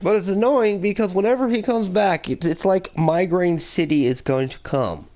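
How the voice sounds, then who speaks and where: A man co-hosting a casual podcast chat, talking in a blunt, excitable, profane way. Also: high-pitched, normal speed.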